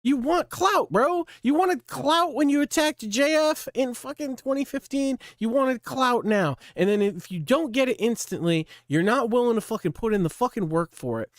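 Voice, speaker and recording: A man with a high voice delivers a blunt, scolding rant full of swearing. The sound is dry and close, with no room around it. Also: expressive, moderate pace, hardly any pauses, dry recording. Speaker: channel host. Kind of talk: profane ranting commentary.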